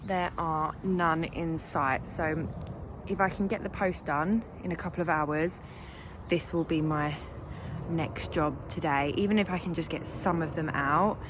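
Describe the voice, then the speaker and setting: A woman's voice: deep voice, steady tone, unhurried. A young woman chatting casually to camera while working on her allotment plot, self-deprecating and full of ums. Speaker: allotment vlogger. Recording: outdoor camera audio with noise.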